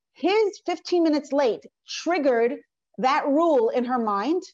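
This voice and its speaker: A woman's voice: sits high, no echo, highs cut off. A woman teaching a class from a workbook, earnest and conversational, with lots of rhetorical questions. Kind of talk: lecture from a workbook.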